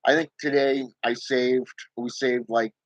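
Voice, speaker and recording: A man's voice: mid-range voice, steady tone, a little slow, no echo, lo-fi sound. A man hosting his own channel, talking casually and emphatically to viewers about spirit work, often checking in with "okay?". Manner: emphatic, repeats "okay?" and "you know". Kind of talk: casual livestream talk.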